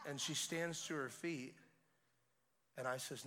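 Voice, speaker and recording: A man preaching at a revival service, telling a story with swings between hushed quiet and loud excitement. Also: a little high, brisk, heavy background noise. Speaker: guest preacher. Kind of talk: sermon testimony. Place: church service.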